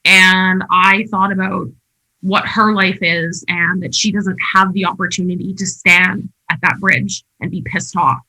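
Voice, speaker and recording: A woman's voice: fairly low pitch, fairly even intonation, a little slow, bright, forceful tone, poor audio. A woman telling her personal story as a podcast guest, emphatic and candid, with frequent "like" fillers. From Canada.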